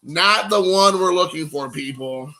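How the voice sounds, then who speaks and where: Man in his forties, stream host, joking, rambling, high pitch, bright gravelly edge. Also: measured pace. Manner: joking, rambling, talks to chat viewers. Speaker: card-collecting show host. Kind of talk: casual live-stream chat, opening card packs.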